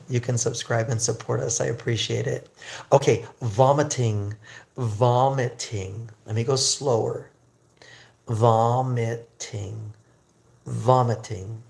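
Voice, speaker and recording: A man teaching English on a livestream, chatting with viewers and slowly drilling pronunciation. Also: mid-range voice, vocal fry, a little mellow. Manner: slow, drawn-out pronunciation drills.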